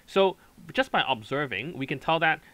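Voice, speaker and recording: A man's voice: on the high side, lively intonation, moderate pace, pushed and bright, no echo, rough recording. A man tutoring calculus at a whiteboard, explaining step by step and checking in often with "okay" and "right". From Hong Kong. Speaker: math tutor.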